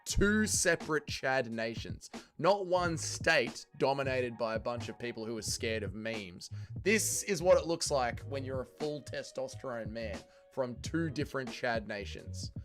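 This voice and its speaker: Animated Australian man bantering with chat. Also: medium pitch, measured pace, soft background music. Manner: sweary, joking banter, answering chat comments. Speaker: livestream host reading chat. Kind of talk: casual livestream chat.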